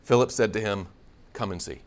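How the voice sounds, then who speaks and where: Speaking a little fast in a lowish voice, a man preaches a conversational, animated sermon, acting out scripture dialogue with playful humor.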